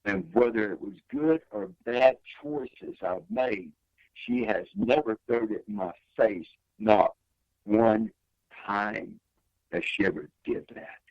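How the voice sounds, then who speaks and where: Older male guest, deep gravelly storyteller, lively emphatic pitch swings. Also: slow, no echo, highs cut off. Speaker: guest, singer. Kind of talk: storytelling in an interview.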